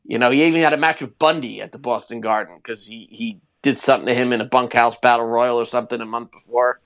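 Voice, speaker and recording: A man co-hosting a podcast in casual chat, chatty and reminiscing with quick asides. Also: medium pitch, fairly even intonation, fairly bright tone. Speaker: podcast co-host.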